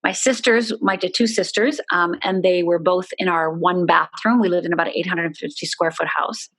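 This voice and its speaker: A woman's voice: lowish voice, fairly even intonation, moderate pace, fairly bright tone. A middle-aged woman speaks as an interview guest, telling her own story. She is candid and earnest, and she leans on "you know" as she talks.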